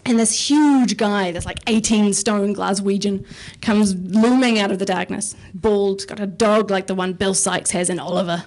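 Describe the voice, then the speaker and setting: A woman's voice: mid-range voice, fairly even intonation, moderate pace, few pauses, darkish tone. A woman performing a self-mocking stand-up set on a comedy club stage, chatty and casually swearing. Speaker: stand-up comic and researcher.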